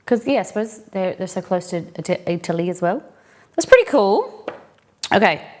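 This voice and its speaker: A woman's voice: on the low side, quick pace, a little mellow. A woman hosting a live cooking stream, chatting casually with viewers and greeting them by name.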